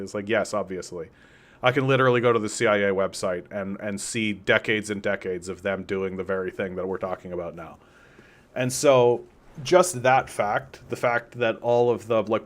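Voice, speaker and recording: A man from Canada hosts a political commentary livestream with a somewhat low voice. He talks in a loose, rambling way and reads out viewer comments. Now and then he acts out imagined dialogue in exaggerated, mocking voices. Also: fairly bright tone. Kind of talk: unscripted livestream commentary, reading chat comments.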